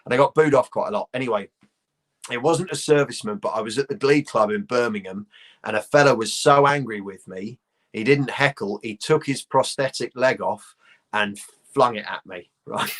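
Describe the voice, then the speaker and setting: A middle-aged man from London with a posh southern English accent, a guest comedian telling lively stories in a casual chat, swearing freely and laughing as he goes. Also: mid-range voice, moderate pace.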